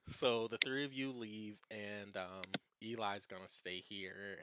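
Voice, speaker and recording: A man's voice: on the low side, steady tone, takes it slowly, pushed and bright. A man narrating a tabletop game as its game master, easygoing and often laughing.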